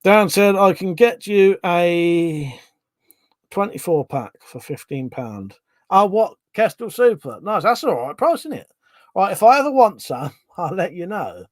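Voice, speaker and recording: A man's voice: high voice, big pitch swings, measured pace, no echo, studio quality. A man, hosting a casual livestream, reading out viewer comments, swearing freely and laughing often. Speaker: livestream host.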